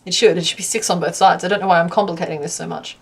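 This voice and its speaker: A woman's voice: on the low side, fairly even intonation, very fast, gravelly, slightly rough. Woman on a home stream, rambly and giggly, talks herself through her counting. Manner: chatty, laughs often, thinks out loud while counting stitches. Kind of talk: casual livestream chat.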